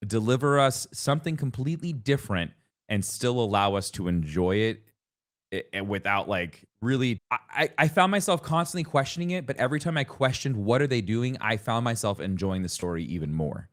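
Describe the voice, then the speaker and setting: Animated man rambling about a game. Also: mid-range voice, fairly quick. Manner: animated, rambling with frequent restarts. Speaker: podcast co-host. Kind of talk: casual gaming discussion.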